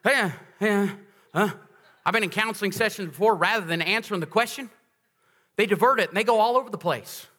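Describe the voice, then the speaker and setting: A pastor preaches in a high, bright, sharp voice that rings through a reverberant church hall. He is emphatic yet conversational and keeps checking in with the congregation. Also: fast. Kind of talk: sermon. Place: large church sanctuary.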